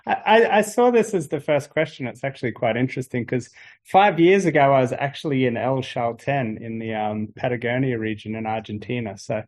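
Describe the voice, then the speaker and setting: An Australian man talks through his work in a relaxed, unhurried way. He leans on casual fillers as he explains, and his voice sits at an ordinary middle pitch for a man. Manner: easygoing, explains with fillers like "kind of". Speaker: exercise physiologist guest. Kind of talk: relaxed conversational interview.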